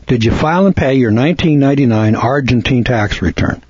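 A man's voice: medium pitch, expressive, fairly quick, darkish tone, breathy edge, no room sound, highs cut off. A man giving a folksy, lecturing talk on legal procedure to listeners, acting out courtroom exchanges.

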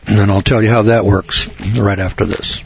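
A man's voice: lowish voice, fairly even intonation, moderate pace, vocal fry. A man hosting a radio talk show, preaching emphatically and reading out long lists and scripture. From American South. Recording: dull dry radio broadcast sound.

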